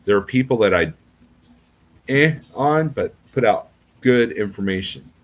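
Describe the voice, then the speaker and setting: A man's voice: lowish voice, expressive, measured pace. A middle-aged man, a trucker, talking in a rambling casual vlog and often checking in with "okay?". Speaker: trucker YouTuber.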